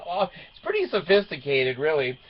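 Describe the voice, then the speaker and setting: Older male vlogger, high-ish voice, joking storyteller, lo-fi recording. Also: wildly swooping pitch, a little slow, a little hiss or hum. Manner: rambling, joking, laughs often. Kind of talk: casual storytelling monologue.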